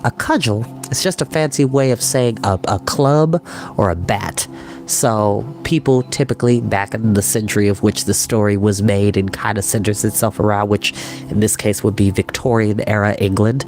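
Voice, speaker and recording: A man reading a children's story aloud, pausing to explain words to children in a gentle manner. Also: lowish voice.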